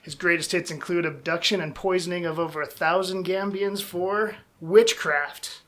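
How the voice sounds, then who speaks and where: A man hosting a casual podcast quiz game, reading names out slowly and joking between answers. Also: high voice, fairly even intonation, fairly bright tone.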